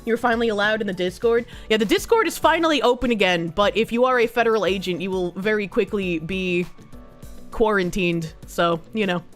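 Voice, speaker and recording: A woman streamer chatting casually with her viewers, thanking donors and swearing freely between quick laughs. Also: medium pitch, soft background music. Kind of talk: casual livestream chat, reading donations.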